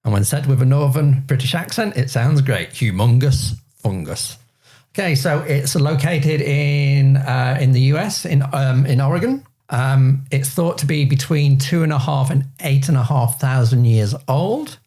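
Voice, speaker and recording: A man with a mid-range voice hosts a relaxed panel chat. He reads out facts and numbers in an upbeat, presenting way and steers the group along. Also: mid-range voice, normal speed, few pauses. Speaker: quiz show host.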